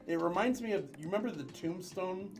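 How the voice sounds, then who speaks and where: A man's voice: sits high, fairly quick, faint music behind. A man co-hosting a casual livestream, rambling in chat and calling races with playful jokes. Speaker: livestream co-host.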